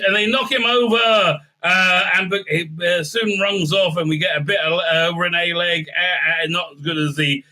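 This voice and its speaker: High, sharp-toned male reviewer, halting and exasperated. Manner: hesitant, heavy filler sounds, exasperated outbursts. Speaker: TV episode reviewer. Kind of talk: rambling recap and review.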